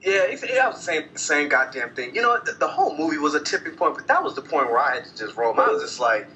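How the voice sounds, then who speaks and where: A man's voice: on the high side, fast, slight background noise, poor audio. A man ranting casually about a movie, swearing a lot and acting out lines from it. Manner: animated, profane, acts out quoted lines. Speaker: movie reviewer. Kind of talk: casual profane movie rant.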